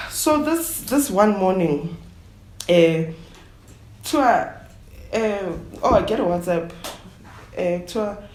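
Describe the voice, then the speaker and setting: A woman traditional healer from South Africa, telling her story at a roundtable in an animated way, often acting out what others said. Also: mid-range voice, takes it slowly, pauses often. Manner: code-switching, animated retelling with quoted voices. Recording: echoey room with faint noise.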